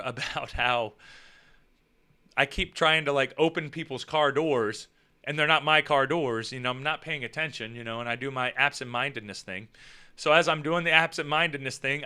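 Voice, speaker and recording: A man hosting his own show, telling rambling comic stories in a casual, animated way with swearing. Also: on the high side, smooth. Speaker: show host. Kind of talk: casual comedic storytelling.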